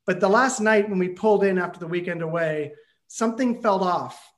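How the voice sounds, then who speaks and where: A man performing a comic personal story with lively, animated delivery. He builds the tension slowly and then bursts out in loud, shouted moments, playing his own panic for laughs. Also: high-pitched.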